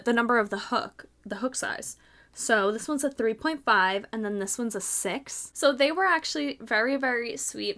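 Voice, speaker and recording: A young woman hosting a crafting podcast, gushing and gasping excitedly as she unboxes handmade gifts. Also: a little high. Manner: gushing, gasping, swears mildly, fast bursts of excitement. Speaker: podcast host.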